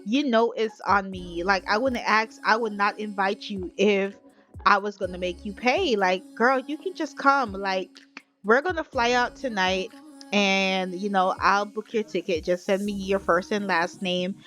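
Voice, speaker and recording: A blunt, generous young best friend who talks in a bossy, no-nonsense girlfriend way, played by a woman narrating a game. Her pitch is middling and close to an everyday voice, with soft music playing faintly behind. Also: measured pace, lightly acted.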